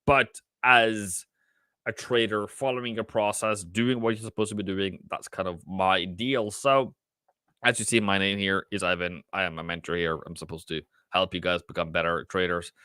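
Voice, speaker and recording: Casting note: male trading mentor, bright tone, dry close sound, jokey and rambling live commentary. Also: sits low, fairly even intonation, moderate pace, clear, resonant tone, no echo. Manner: rambling, self-mocking and jokey. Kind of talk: casual live-stream market commentary.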